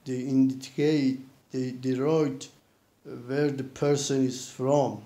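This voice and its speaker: A man works through his account at an unhurried pace, often restarting and leaning on repeated fillers. His voice is mellow and relaxed, and it echoes around the room. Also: mid-range voice. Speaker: vlogger recounting a personal experience. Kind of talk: casual spoken account. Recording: roomy echo.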